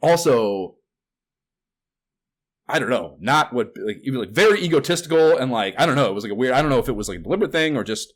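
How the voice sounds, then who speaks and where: A man in casual podcast chat, rambling through his thoughts with lots of fillers and swearing. He jumps up into loud, incredulous bursts and then drops back to a low mutter. His voice sits at an ordinary middle pitch. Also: fast talker. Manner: rambling, swears often, animated outbursts of disbelief. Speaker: podcast co-host.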